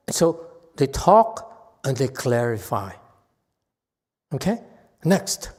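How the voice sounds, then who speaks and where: A man's voice: medium pitch, very animated, takes it slowly, pauses often, a little mellow. A man as a Buddhist meditation master giving a conversational dharma lecture, checking in with his listeners often.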